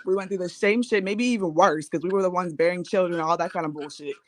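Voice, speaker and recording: A woman's voice: lowish voice, quick pace, dry recording. A woman calling into a live group chat on her phone, fired up, stringing thoughts together with "like". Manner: fired up, talks in run-on "like" phrases. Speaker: caller. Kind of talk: casual chat.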